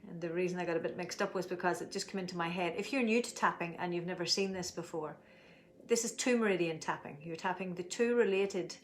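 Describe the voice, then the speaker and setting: A middle-aged woman with a lowish voice guides listeners through a tapping routine. She speaks slowly and soothingly, drawing out each calming affirmation. A faint hum of noise sits under her voice. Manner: slow, soothing guidance with drawn-out affirmations. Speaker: tapping and breathing teacher.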